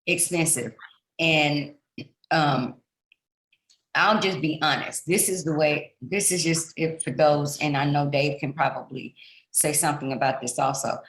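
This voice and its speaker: A woman's voice: low voice, unhurried, reverberant, rough recording. A woman hosting a podcast as a pastor, speaking in an earnest, chatty way and poking fun at herself in a casual interview.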